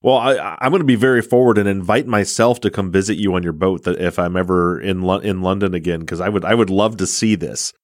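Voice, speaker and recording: Low-voiced male podcast host. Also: fairly even intonation, fast, hardly any pauses, dry recording, clean studio sound. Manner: friendly, asks questions with hesitant restarts. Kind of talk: interview chat.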